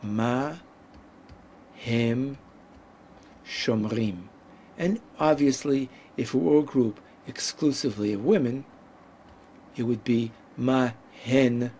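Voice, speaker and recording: A man teaching a Hebrew lesson, speaking deliberately and pausing to let learners answer. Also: medium pitch, a little mellow, a little hiss or hum. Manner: deliberate, drawn-out pronunciation with pauses. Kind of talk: slow, patient language lesson.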